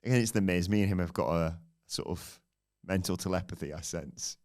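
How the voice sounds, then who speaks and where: A man's voice: low-pitched, fairly quick, a little mellow. A man hosting a wrestling podcast, giving a casual, rambling and jokey recap with self-deprecating asides.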